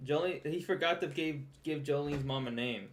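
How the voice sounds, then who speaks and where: A man's voice: on the high side, normal speed, slight background noise. Young male streamer, loose and chatty, laughs through his reactions, stumbles and repeats words. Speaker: streamer reacting to a recap video.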